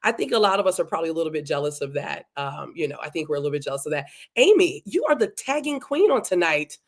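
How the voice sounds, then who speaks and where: A woman's voice: low voice, very animated, quick pace. A woman hosting a live podcast, greeting viewers one by one and talking to them in an effusive, repetitive way. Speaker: podcast host. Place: home in Delaware.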